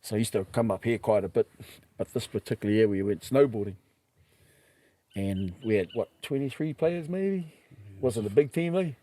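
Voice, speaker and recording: Casual storytelling comes from a middle-aged podcast guest with a New Zealand accent and a lowish voice at a moderate pace. Animated throughout, he imitates the voices of people he quotes and laughs during his tales.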